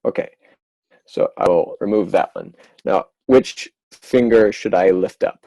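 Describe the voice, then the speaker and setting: A man's voice: low-pitched, a little slow, creaky, dark tone, no room sound, low-quality recording. A man co-hosting a podcast over a video call, playful and explaining step by step. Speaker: podcast co-host.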